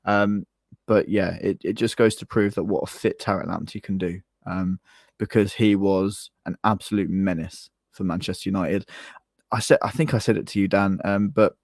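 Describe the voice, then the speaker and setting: A man's voice: sits low, steady tone, normal speed, creaky, darkish tone, dry recording, studio quality. A man from England co-hosting a football podcast, giving opinions and often repeating words as he starts a sentence. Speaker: podcast co-host. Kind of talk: casual football podcast chat.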